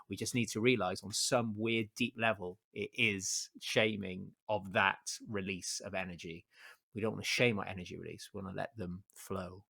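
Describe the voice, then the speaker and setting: A man's voice: lowish voice, creaky, fairly bright tone. A man hosting a podcast interview, talking with enthusiasm and emphasis and leaning on fillers like "you know". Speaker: podcast host.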